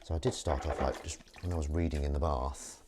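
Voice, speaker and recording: A man's voice: very deep voice, fairly even intonation, brisk. A man hosting a casual stream from his home kitchen, chatting and joking with viewers as he washes up. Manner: chatty and rambling, jokey asides to viewers. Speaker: host washing dishes on a livestream. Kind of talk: casual chat while washing up. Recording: dish clatter and water noise. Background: clinking dishes and cutlery.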